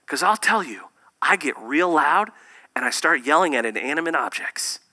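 A man preaching a sermon, swinging between loud emphatic bursts and hushed, near-whispered lines. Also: on the high side, lively intonation, normal speed. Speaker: pastor.

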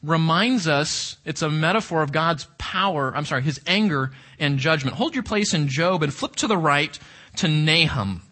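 A man's voice: on the high side, lively intonation, moderate pace, bright, forceful tone. A male pastor preaching a sermon with emphasis, reading scripture aloud and asking the congregation rhetorical questions.

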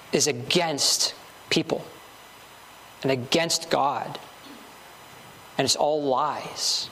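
A man's voice: fairly high pitch, sharp tone, slight background noise. A man preaching a sermon earnestly, building emphasis with short repeated phrases.

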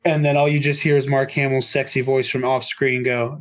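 A man's voice: mid-range voice, little pitch movement, brisk, slight background noise. A man co-hosting a podcast, chatting in a loose, upbeat way full of "um"s and restarts. His voice sits mid-range and comes through a slightly dull, lo-fi recording. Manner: upbeat, rambling with many fillers. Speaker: podcast co-host. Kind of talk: casual podcast chat.

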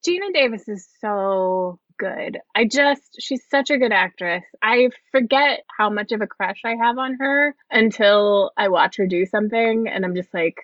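A woman's voice: medium pitch, unhurried, few pauses, a bit bright, dry recording. A woman guest in casual podcast chat, gushing and giggly, with lots of fillers. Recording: dry, dull lo-fi sound.

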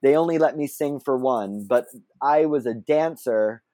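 Warm, chatty man telling a story. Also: medium pitch, a little slow, no room sound. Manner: chatty and self-deprecating, laughs often, many fillers and asides. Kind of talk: casual anecdotal storytelling.

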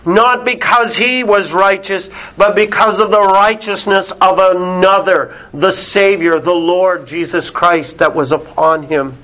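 A male preacher delivers a sermon to a small congregation. He speaks slowly and emphatically in a slightly high voice. He lets his voice fall almost to a whisper on the words he wants to land. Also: fairly even intonation. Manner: deliberate, emphatic, drops very soft on key words.

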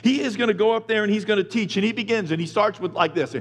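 A male pastor preaching a sermon, retelling scripture in casual slang and building to emphatic shouts. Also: high-pitched, fast talker. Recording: long reverb of a large hall.

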